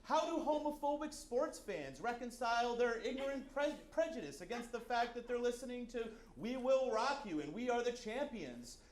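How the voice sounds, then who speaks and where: A man doing a stand-up bit as a confidently wrong film critic, deadpan, on a stage before a live audience. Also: extremely high pitch, normal speed, hardly any pauses. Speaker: comedian playing a film critic. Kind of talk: live sketch comedy. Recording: roomy stage sound with crowd.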